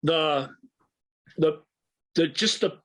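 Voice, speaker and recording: A man with a slightly high voice and drawn-out words co-hosts a film podcast, enthusiastically retelling scenes. He rambles casually and restarts often, and the recording is rough.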